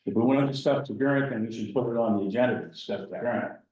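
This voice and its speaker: A man's voice: mid-range voice, racing, a little mellow, distant mic, dull audio. Blunt Boston man in echoey meeting room. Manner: blunt, opinionated, repeats points. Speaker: committee member. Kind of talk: town meeting discussion.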